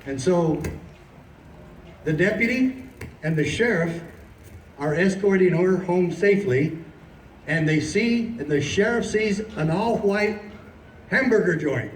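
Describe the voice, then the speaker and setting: High-voiced man preaching at an echoey outdoor rally. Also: animated, slow, long pauses, far from the mic, slight background noise. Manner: impassioned storytelling, emphatic and preachy. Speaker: sheriff and political activist. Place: outdoors at a city hall.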